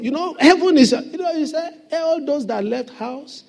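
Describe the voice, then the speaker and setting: A man's voice: very high-pitched, lively intonation, normal speed, creaky, darkish tone. A man preaching a sermon as pastor in a church, with emphatic call-and-response questions to the congregation.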